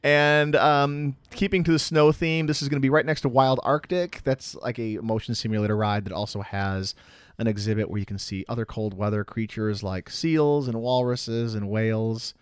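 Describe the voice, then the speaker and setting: A man's voice: medium pitch, steady tone, normal speed, clear, resonant tone, no echo. A man co-hosting a casual chat show, enthusiastic and teasing, with many fillers. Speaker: podcast co-host.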